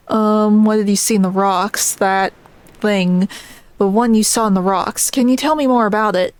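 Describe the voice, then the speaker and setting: A woman's voice: mid-range voice, unhurried, smooth. A woman streamer giving casual gameplay commentary, reading the on-screen text aloud and stumbling over names.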